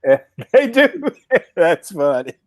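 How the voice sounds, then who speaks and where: A man's voice: on the high side, very animated, slow, no echo, clean studio sound. A man hosting a casual interview, easygoing and laughing along with his guest. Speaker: host.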